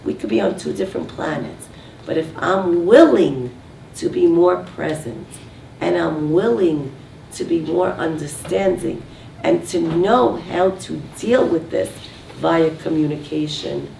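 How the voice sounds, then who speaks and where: Low gravelly woman giving a talk to a crowd, asks lots of questions, mic kinda far off in an echoey room. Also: a little slow. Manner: lively, asks rhetorical questions. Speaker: speaker giving a talk on relationships. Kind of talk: lecture to a live audience. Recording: roomy, distant mic, faint noise.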